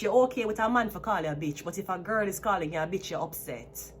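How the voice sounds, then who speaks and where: A Jamaican woman in her thirties talks straight to camera, defiant and swearing freely. She slides between thick patois and plainer English. Her voice sits at an ordinary middle pitch for a woman. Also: fairly quick, few pauses, a bit bright, a little hiss or hum. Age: 30s. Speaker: tarot reader. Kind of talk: ranting to camera.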